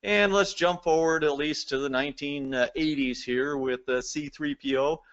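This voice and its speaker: A man's voice: fairly high pitch, steady tone, normal speed, fairly bright tone, lo-fi sound. A man giving a recorded lecture, explaining step by step and addressing the viewers directly. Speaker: presenter.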